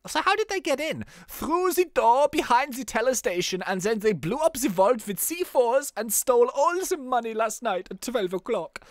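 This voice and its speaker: A man's voice: very high-pitched, expressive, moderate pace, few pauses, dry recording, studio quality, voice pushed up. A man voicing a male game police officer with a put-on German accent, reading the dialogue aloud. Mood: matter-of-fact.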